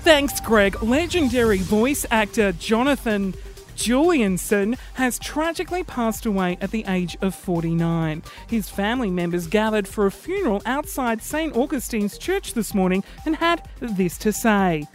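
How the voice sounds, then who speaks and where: A man's voice: sits high, expressive, unhurried, faint music behind. A man doing a chirpy mock newsreader. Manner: chirpy, overly formal news delivery. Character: bright cheery male mock newsreader.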